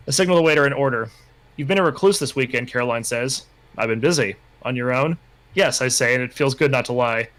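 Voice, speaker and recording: A man's voice: mid-range voice, fast talker, fairly bright tone. A man hosting a livestream, reading a bad novel aloud and breaking off into laughing, mocking asides. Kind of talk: casual livestream reading and chat.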